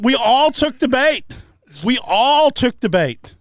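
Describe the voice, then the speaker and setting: A man co-hosting a podcast, telling stories in casual chat, animated and profane, shouting out the lines he quotes. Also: extremely high pitch, takes it slowly. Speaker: podcast co-host. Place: treehouse hangout.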